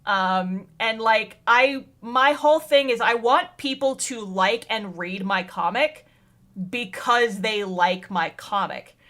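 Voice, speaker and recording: A young woman co-hosting a podcast in casual chat, animated and quick to laugh, swearing now and then. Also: a little high. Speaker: podcast co-host.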